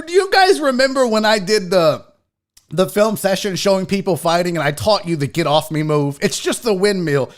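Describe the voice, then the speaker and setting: A man in his forties hosting a show, delivering a heated, profane rant and mocking others in put-on voices. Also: high voice. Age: 40s. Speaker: show host. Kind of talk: livestream rant.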